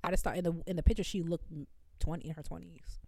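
A young woman co-hosting a podcast, chatting casually, talking fast and laughing often. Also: on the low side, fairly even intonation, gravelly, warm tone, no room sound, studio quality. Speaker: podcast co-host. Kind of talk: casual chat.

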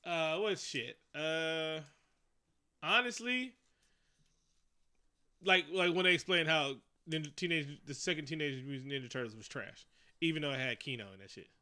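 A man co-hosting a podcast, talking casually and profanely about a movie, animated and laughing often. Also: on the high side, normal speed, pauses often, clean tone. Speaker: podcast co-host. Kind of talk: casual movie review chat.

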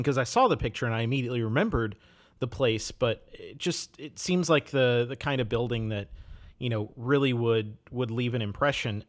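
Reflective man from Wisconsin. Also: mid-range voice. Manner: thoughtful, reflective, many "you know"s. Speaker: podcast host discussing a book. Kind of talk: casual chat.

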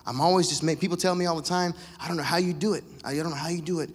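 A man voicing a tired woman in chronic pain, speaking softly and with resignation in a sermon. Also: fairly high pitch, fairly even intonation, rapid-fire, slightly rough, big-room sound, pitched above the performer's own voice. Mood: resigned.

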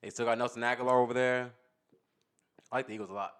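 A man co-hosting a sports podcast, talking in a relaxed, casual way. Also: mid-range voice, fast talker. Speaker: podcast co-host.

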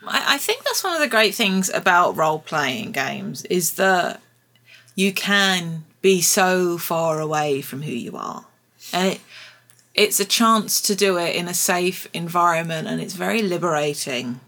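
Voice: medium pitch, animated, measured pace, sharp tone. A podcast co-host chatting casually about a tabletop role-playing character, often backing the other speaker with short agreements. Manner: supportive, many short agreements.

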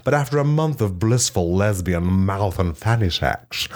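A man telling an absurd comic monologue in deadpan style, bursting into shrill shouted quotes. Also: unhurried, hardly any pauses. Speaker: comedian.

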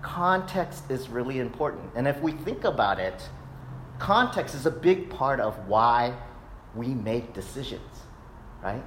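A man's voice: mid-range voice, very animated, a little slow, a bit bright, slight background noise. A man in his thirties, a pastor, preaching a casual sermon in a church sanctuary and telling stories with frequent "right?" asides. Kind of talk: conversational sermon.

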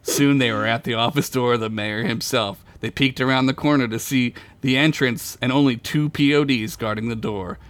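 A man's voice: medium pitch, steady tone, normal speed, hardly any pauses, fairly bright tone, no room sound. A man reading a crude comic fantasy story aloud on a podcast, often laughing at his own jokes.

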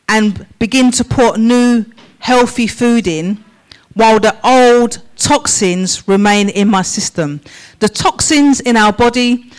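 A woman's voice: on the high side, rough recording. A woman preaching a sermon in church, asking the congregation a run of questions. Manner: slow, measured questions to the congregation.

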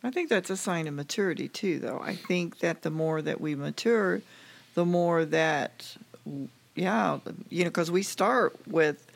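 Co-host with a gravelly voice, thoughtful faith chat. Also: medium pitch, unhurried. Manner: affirming, thoughtful. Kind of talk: casual faith podcast chat.

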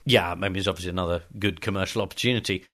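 A man's voice: deep voice, very fast, a bit bright. Weary, sardonic male editor. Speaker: magazine editor. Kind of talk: conversational podcast chat.

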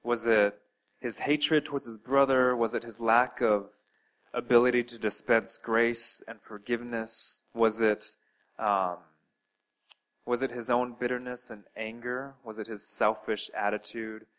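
Guy preaching a sermon, earnest, goes loud then real quiet, asks the room questions. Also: mid-range voice, little pitch movement, a little slow, low-quality recording. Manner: earnest, with wide swings in loudness; talks to listeners with direct questions.

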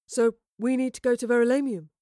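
A woman's voice: a little high, fairly even intonation, fairly quick, mellow, no echo, clean studio sound, natural voice. Gaius, a woman voicing an earnest young soldier.

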